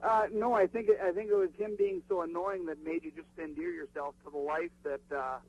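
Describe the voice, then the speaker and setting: A man's voice: high voice, fairly even intonation, a little fast, a little mellow, slight background noise. A man from Minneapolis calling into a radio show, chatting easily and hesitating often. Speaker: caller. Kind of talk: phone-in chat. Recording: dull call-in line.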